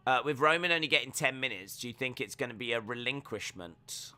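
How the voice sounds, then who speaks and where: Bright-voiced man reacting live. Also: medium pitch, lively intonation, a little fast, clean tone. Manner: joking, rambling, reads viewer comments aloud. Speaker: watch-along streamer. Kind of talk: live reaction stream, reading chat.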